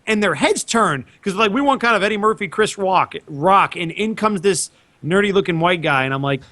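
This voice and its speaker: A man's voice: high-pitched, expressive, pushed and bright, no room sound. A young man, a voice actor, chatting casually and playfully, often slipping into impressions. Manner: playful, quick to slip into impressions. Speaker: voice actor guest.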